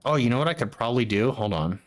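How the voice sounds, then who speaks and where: A man's voice: medium pitch, lively intonation, quick pace. A young man streaming a game, muttering to himself and rambling with lots of fillers in casual commentary.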